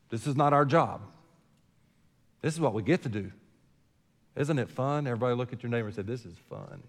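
A man's voice: medium pitch, in a large hall. A man preaching a sermon as senior pastor, in a conversational, folksy way full of rhetorical questions, recorded in a church sanctuary.

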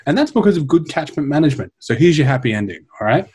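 A man spins a science story on a podcast with wry, sweary humor. His pitch jumps all over the place, and his voice sounds a bit husky. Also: quick pace. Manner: wry, animated storyteller who swears and jokes. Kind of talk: casual comedic science chat.

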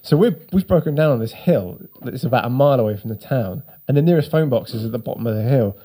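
Husky man telling stories. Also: medium pitch, fast. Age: middle-aged. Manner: swearing, animated storyteller acting out voices. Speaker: podcast co-host. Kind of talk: casual storytelling chat.

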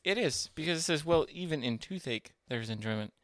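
A man's voice: a little high, lively intonation, a little fast, a bit bright, no room sound. Hesitant man with a dry, close sound. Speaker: podcast co-host. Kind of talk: casual book discussion.

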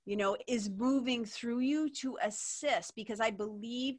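A woman with a somewhat high voice hosting a casual interview. She talks in a chatty, enthusiastic way, full of "like" and "you know." Her talk stays loose and conversational. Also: measured pace. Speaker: podcast host.

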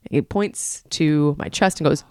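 A woman co-hosting a podcast, telling a story in casual chat with quick laughs. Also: low-pitched, warm tone, clean tone, no echo, clean studio sound. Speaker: podcast co-host.

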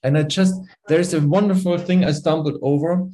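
German-accented man, mellow and earnest. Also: fairly high pitch, fairly even intonation, normal speed. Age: middle-aged. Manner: earnest, explanatory, searching for words. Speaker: podcast guest. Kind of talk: conversational interview.

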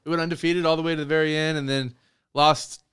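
Bright, smooth-voiced chatty man. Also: on the high side, quick pace. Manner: animated storyteller, acts out quotes. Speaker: podcast co-host. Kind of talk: casual chat.

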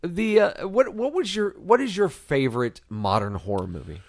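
A man co-hosting a podcast, reviewing a movie in casual chat, animated and quick to swear. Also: sits high, dry recording, studio quality. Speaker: podcast co-host.

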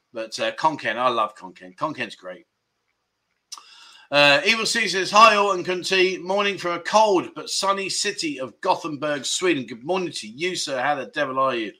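A man with a bright, forceful, slightly high voice hosts a relaxed livestream. He greets viewers by name in a cheerful, chatty way and chuckles between comments. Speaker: livestream host. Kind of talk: casual livestream chat reading comments.

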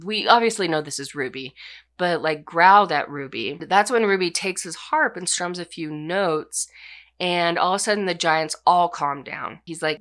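A woman's voice: on the low side, normal speed, fairly bright tone. A woman casually recapping a story's plot in a chatty way, with lots of "like" fillers. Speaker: book recapper.

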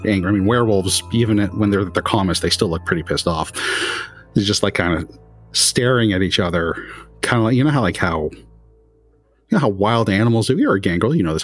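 A man narrating a tabletop role-playing game as game master, casual and rambling. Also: lowish voice.

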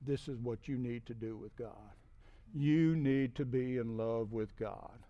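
A middle-aged man preaching a conversational sermon as a guest speaker, often checking in with "okay?" and building to emphatic, loud peaks. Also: mid-range voice, steady tone, a little slow, lo-fi sound. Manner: repeats "okay?" to check in with listeners.

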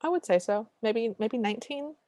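A woman's voice: on the high side, a little mellow, no echo, clean studio sound. Sarcastic woman recapping a movie. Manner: sarcastic, acts out dialogue in quick bits. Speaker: podcast co-host. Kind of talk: casual movie recap chat.

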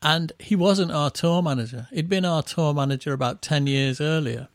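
Man, middle-aged, from England, gravelly voice, dry room, rambling anecdotes. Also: on the high side, normal speed, no echo. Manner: rambling storyteller with restarts, laughing at his own stories. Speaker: band musician guest. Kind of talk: casual anecdotal chat.

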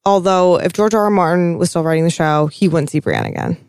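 A woman co-hosting a casual TV recap chat, talking in an animated, gushing way with some swearing. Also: lowish voice, brisk, clean tone, no echo, clean studio sound. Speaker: podcast co-host.

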